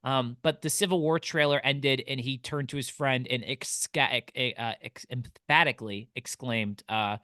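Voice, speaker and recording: A man co-hosting a film podcast, telling stories in an animated way and swearing freely. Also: medium pitch, normal speed, few pauses, no room sound, studio quality. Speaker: podcast co-host. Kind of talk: casual film podcast chat.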